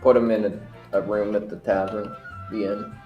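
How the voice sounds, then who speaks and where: A man's voice: lowish voice, level tone, normal speed, dull audio, soft background music. A man playing a tabletop game and joking around with the table. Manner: joking, laughing. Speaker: player. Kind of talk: casual tabletop play.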